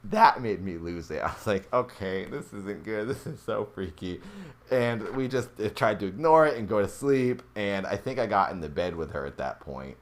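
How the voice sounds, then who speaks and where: A young man casually telling a true ghost story from his youth, animated and rising in pitch when the story turns tense. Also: normal speed, hardly any pauses. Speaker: podcast host.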